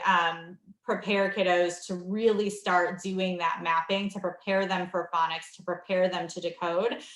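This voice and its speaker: A woman's voice: mid-range voice, fairly bright tone. Woman presenting a teaching webinar, echoey. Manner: explanatory, many fillers, models classroom prompts. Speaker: reading instruction presenter.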